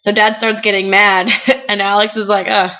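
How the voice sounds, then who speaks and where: A young woman chatting casually in a video blog, telling animated stories full of "like". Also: medium pitch, moderate pace, poor audio. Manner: chatty, animated storytelling with frequent "like". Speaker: vlogger. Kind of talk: casual chat.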